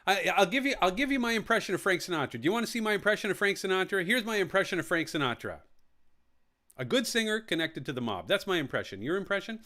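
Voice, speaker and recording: Man, quiz host, reads multiple-choice options aloud, jokey asides, fairly high voice, very lively pitch. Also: quick pace. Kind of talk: live online quiz hosting.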